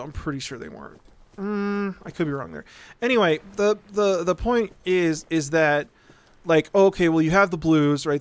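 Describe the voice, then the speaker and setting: A man talks through a long, rambling rant while he plays, cursing easily and checking in with his listeners. His voice sits a little high and sounds clean and resonant. The room is dry and close. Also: clean tone, no echo. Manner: rambling, profane, keeps asking "right?". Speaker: streamer. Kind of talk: casual live-stream rant while gaming.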